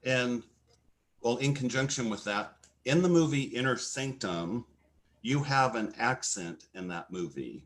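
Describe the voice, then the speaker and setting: A man's voice: mid-range voice, expressive, unhurried, a bit bright. A man on a live video chat, asking a question in a hesitant way and restarting his sentences. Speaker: caller.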